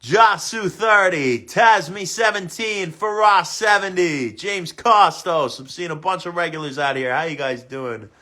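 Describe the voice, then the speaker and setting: Man, young adult, fitness livestream host, casual, upbeat, bright tone. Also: high voice, measured pace, few pauses. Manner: upbeat shout-outs to viewers.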